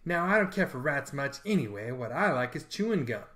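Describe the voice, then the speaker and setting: A man's voice: mid-range voice, big pitch swings, brisk, bright, forceful tone. A man voicing a shy, moody little girl in a storybook reading, coy and easily hurt. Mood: chatty. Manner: pleading, tearful, coy.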